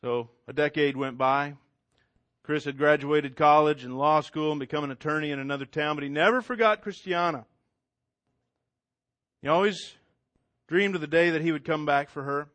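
A male storyteller who tells his tale conversationally, dropping in asides to the listener. His voice sits a little high. It is recorded close, with a dry, dead sound. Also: normal speed, fairly bright tone, no room sound. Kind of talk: oral storytelling.

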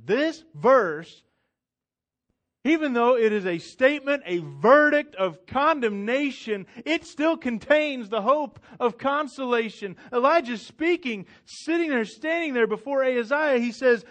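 High-voiced man preaching with dramatic swings. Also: animated, measured pace. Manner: swings from loud emphatic preaching to hushed intimate appeals. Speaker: pastor. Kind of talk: sermon.

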